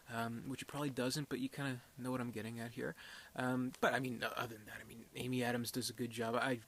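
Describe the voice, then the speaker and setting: A man's voice: mid-range voice, fairly bright tone, a little hiss or hum. A young man giving a casual, unscripted film review, rambling and hesitant, with many fillers and restarts.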